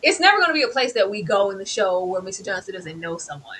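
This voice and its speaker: Chatty, animated co-host; bright higher woman's voice, light hum on the line. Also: quick pace, poor audio. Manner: animated, acts out characters in big high bursts. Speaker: TV review podcast co-host. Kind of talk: casual TV recap chat.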